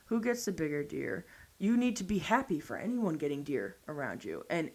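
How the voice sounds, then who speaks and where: A woman in her thirties, a podcast guest, telling a story in a blunt, casual way and swearing freely. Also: low-pitched.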